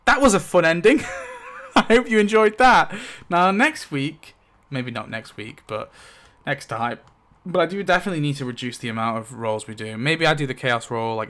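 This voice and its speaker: A man's voice: mid-range voice, pushed and bright. Rambling man recapping a dice-rolled rewrite. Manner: rambling, full of "like" fillers and chuckles. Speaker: YouTube host. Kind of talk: casual narration of a dice-rolled story rewrite.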